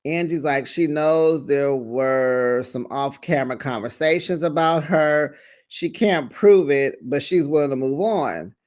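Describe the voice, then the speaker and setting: Sassy gossiping review host. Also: male voice, fairly high pitch, unhurried. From United States. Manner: sassy gossipy recapping with slang. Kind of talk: casual commentary vlog. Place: home at night.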